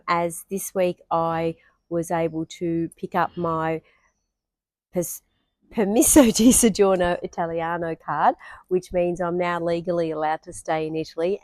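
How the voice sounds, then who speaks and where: A woman's voice: on the low side, dry recording. An Australian woman talking through her own experience in a casual vlog, chatty, with frequent ums and restarts. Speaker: vlogger.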